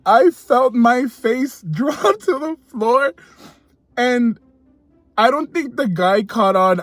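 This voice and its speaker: A man with a high voice tells a story in a loose, chatty way, breaking into laughs and doubling back on his words. The recording is dry and close, with no room sound. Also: dry recording. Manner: chatty, laughs often, repeats himself. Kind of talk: casual storytelling to camera.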